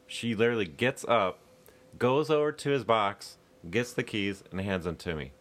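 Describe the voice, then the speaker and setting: A man's voice: lowish voice, normal speed, a bit bright. A man telling a profane story about a work incident in casual chat.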